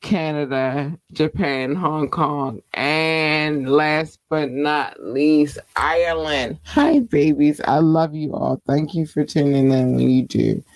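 A woman hosting her own podcast, talking casually in slang and giving affectionate shout-outs to her listeners. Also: low-pitched, no room sound, poor audio. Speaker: podcast host. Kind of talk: casual solo podcast chat.

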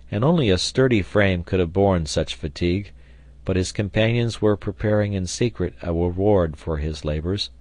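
A man from South Carolina narrating a classic adventure novel in a measured, even reading. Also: sits low, no room sound. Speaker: audiobook narrator. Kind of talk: volunteer audiobook narration.

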